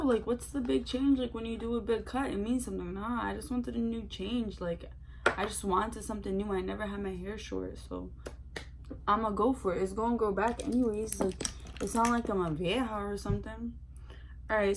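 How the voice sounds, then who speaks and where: A young woman chatting excitedly as a beauty vlogger while doing her makeup, full of slang and filler words. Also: medium pitch, gravelly, slight background noise.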